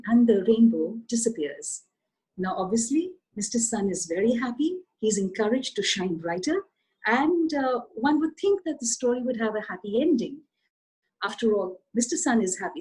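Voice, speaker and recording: A woman author telling a children's story in an animated, expressive way, addressing her listeners directly. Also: fairly high pitch, husky, poor audio.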